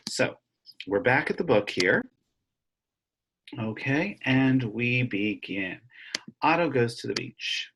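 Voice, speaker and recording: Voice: medium pitch, very animated, takes it slowly, pauses often, fairly bright tone, slight background noise. An elementary music teacher reading a picture book aloud in an online lesson and chanting a clapped rhythm.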